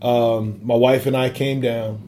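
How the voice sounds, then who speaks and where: A warm, mellow-voiced man, once an assistant basketball coach, talks through his memories in a reflective interview. He fills pauses with lots of "you know" and "um" and keeps an earnest, open tone. A faint room ambience sits under his voice. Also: mid-range voice, steady tone, slight background noise. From Wisconsin. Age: 30s. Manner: earnest, many fillers.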